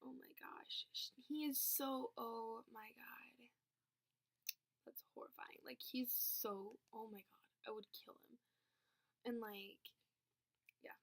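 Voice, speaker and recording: A woman's voice: a little high, fairly even intonation, slow pace, creaky, pauses often. A teenage girl chatting casually in a vlog, rambling through stories with lots of fillers. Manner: rambling storytelling, filler-heavy, laughs when angry. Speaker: vlogger.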